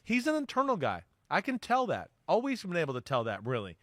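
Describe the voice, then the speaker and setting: A middle-aged former football player talking as a sports analyst, animated, acting out quoted voices and often asking "right?". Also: male voice, sits high, fairly quick, no echo, clean studio sound. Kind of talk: sports talk show chat.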